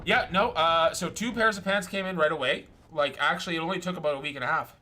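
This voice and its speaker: Bright, high-voiced excitable male streamer. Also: fast, slight background noise. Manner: excitable, rambling storyteller. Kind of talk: casual chat while gaming.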